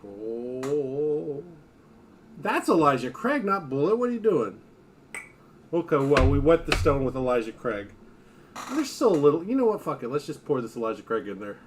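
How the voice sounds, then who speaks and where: Rambling male streamer chatting with viewers; fairly high voice, swoops around a lot. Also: very animated, brisk, noisy background. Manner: rambling, chatty, talks to his dogs and chat. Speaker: livestream host. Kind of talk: casual livestream chat.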